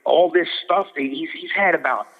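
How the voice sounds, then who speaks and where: A man's voice: a little high, moderate pace, slightly rough. An older man from Philadelphia, a boxing cutman, telling rambling stories in a casual interview, full of restarts and fillers. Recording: phone-like audio with long reverb.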